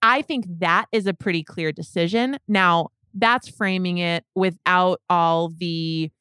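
A woman's voice: fairly low pitch, a little slow, sharp tone, clean tone, dry recording, studio quality. A woman co-hosting a sports podcast, explaining contract details step by step in casual talk. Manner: analytical, explains points step by step. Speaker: podcast co-host.

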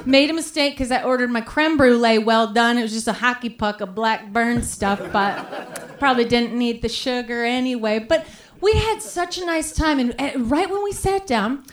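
A woman's voice: on the high side, moderate pace, lightly acted. A woman playing a naive, self-righteous churchgoing lady, telling a story in a sweet, earnest way on a live comedy stage. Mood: chatty. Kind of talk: live comedy podcast character monologue.

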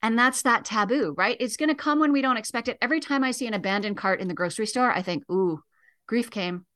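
A middle-aged woman speaks as a guest on a radio interview, sharing her expertise as a grief educator. Her delivery is calm and measured, steady and reassuring from one sentence to the next. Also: fairly high pitch.

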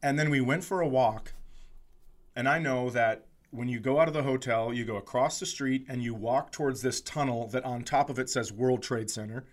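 A man's voice: mid-range voice, moderate pace. Middle-aged guy from minnesota, comedy chat host, tells stories, swears a lot. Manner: storytelling, swearing, slips into mock accents. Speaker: podcast co-host.

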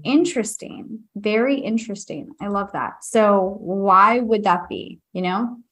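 A woman's voice: mid-range voice, a little slow, fairly bright tone. A young woman hosting a podcast, telling personal stories in a chatty, confiding way with many fillers and asides. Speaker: podcast host. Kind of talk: casual storytelling to live listeners.

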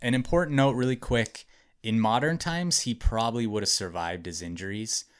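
A podcast host with a fairly low, clear, resonant voice tells friends a true story at a moderate pace. His casual narration is chatty and hedging, full of "like" and "um."

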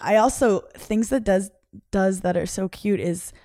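A woman's voice: mid-range voice, measured pace, warm tone, no echo, studio quality. A woman in her thirties, a podcast guest talking candidly in casual chat, swearing often and full of "like" fillers.

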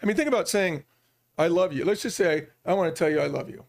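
A middle-aged man talking quickly and with energy, his voice sitting a little higher than most men's. He is a podcast guest telling stories and acting out the quoted lines as he goes. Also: gravelly. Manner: animated storyteller who acts out quoted dialogue. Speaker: podcast guest, business leader. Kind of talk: podcast interview.

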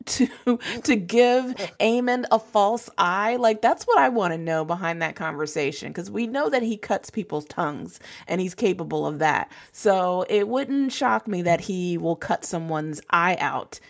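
A woman's voice: lowish voice, normal speed, vocal fry, hardly any pauses. A woman chatting casually in a TV recap, laughing often and acting out characters' lines. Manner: animated, laughs often, quotes characters in put-on voices. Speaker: co-host.

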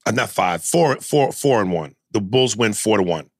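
A man's voice: on the low side, moderate pace, no room sound. A man hosting a podcast, arguing animatedly and reading out listener messages in casual chat. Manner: animated, argumentative, reads listener messages aloud. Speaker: podcast host.

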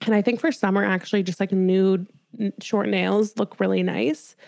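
A young adult woman co-hosting a podcast, telling stories in a chatty, animated way. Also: mid-range voice, normal speed, creaky, no echo, clean studio sound. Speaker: podcast co-host. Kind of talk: casual chat.

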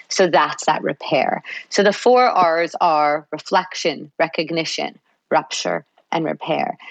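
A woman's voice: low-pitched, creaky, no echo, low-quality recording. A woman psychologist guest in a podcast interview, explaining at length and acting out little parent-child exchanges. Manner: warm explanatory, acts out parent-child dialogue.

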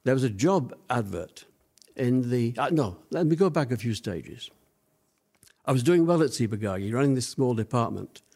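A man's voice: mid-range voice, animated, normal speed, a little mellow. Older man, rambling reminiscing storyteller. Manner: rambling reminiscing with many fillers. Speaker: interview guest.

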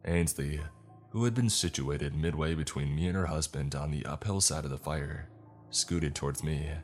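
A man's voice: extremely low pitch, moderate pace, faint music behind. A man narrating a first-person story with a dry, wry delivery. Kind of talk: scripted horror story narration.

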